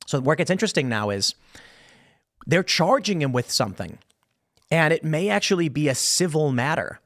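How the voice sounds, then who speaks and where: A man's voice: on the high side, lively intonation, normal speed, fairly bright tone. A man hosting a show, giving casual, opinionated commentary with lots of rhetorical questions. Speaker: show host.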